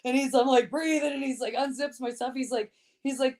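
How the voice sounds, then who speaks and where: Brief: a woman guest with a fairly high voice. She's a blunt, foul-mouthed, animated storyteller. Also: a little fast. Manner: swears a lot, lively and laughing. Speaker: podcast guest. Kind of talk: casual storytelling chat.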